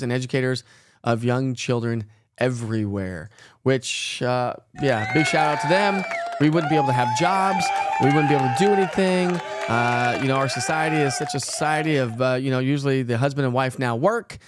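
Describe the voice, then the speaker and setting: A man's voice: medium pitch, no echo. Man, thirties, morning weather show host, chatty and rambling, dry close sound. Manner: chatty, rambling, folksy asides. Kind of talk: casual morning livestream chat.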